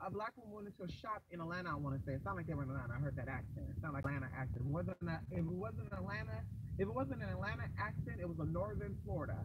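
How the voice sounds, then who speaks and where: A man's voice: sits high, recorded from a distance. A man, a spiritual vlogger in a sassy, profane casual rant, calling listeners honey and girl. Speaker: spiritual vlogger answering viewers. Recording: muffled, noisy with traffic behind, off-mic.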